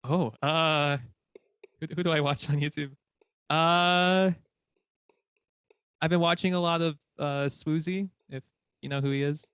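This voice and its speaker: Smooth, dry-sounding man from the US. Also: on the high side, fairly even intonation, a little slow, long pauses, fairly bright tone, no room sound. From USA. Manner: short, hesitant answers with many fillers. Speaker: guest. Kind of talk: casual interview answers.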